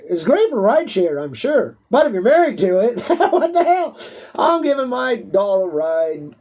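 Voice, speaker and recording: A man's voice: extremely high pitch, darkish tone. A man with a stuffy nose, a host chatting casually and answering viewer questions, rambling and laughing often. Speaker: auctioneer.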